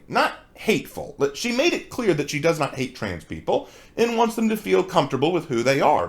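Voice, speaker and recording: A man giving a conversational response commentary, rebutting points and asking rhetorical questions. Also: mid-range voice. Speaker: commentary video creator.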